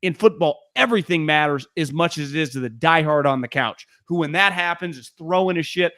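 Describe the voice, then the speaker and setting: A man hosting a sports talk show, speaking a little higher than most men. He tells animated stories full of quick asides. His voice sounds dry and close to the mic. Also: dry recording. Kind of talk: casual sports talk chat.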